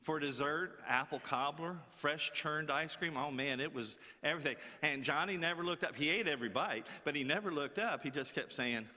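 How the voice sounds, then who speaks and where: A male guest preacher giving a folksy, animated sermon with storytelling to a church congregation, repeating words for effect. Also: a little high, normal speed, few pauses, in a large hall.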